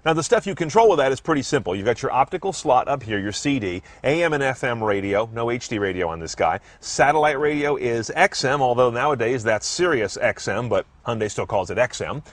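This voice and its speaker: A man presenting a product review in a brisk, wry and opinionated way, with faint music behind him. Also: medium pitch, expressive, no room sound. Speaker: car reviewer. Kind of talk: scripted product review narration.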